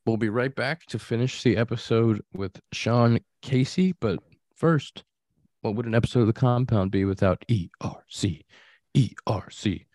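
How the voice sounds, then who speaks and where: A man's voice: mid-range voice, normal speed, a little mellow, dry recording. A man hosting a podcast, reading a sponsor ad and chatting casually with an upbeat, breezy delivery. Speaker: podcast host. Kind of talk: read sponsor ad and casual chat.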